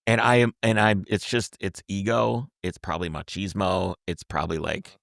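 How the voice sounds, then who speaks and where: Gravelly low-voiced man telling a story. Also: normal speed, no echo, clean studio sound. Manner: animated, acts out quotes, repeats and restarts words. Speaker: podcast host telling a road trip story. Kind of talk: casual storytelling chat.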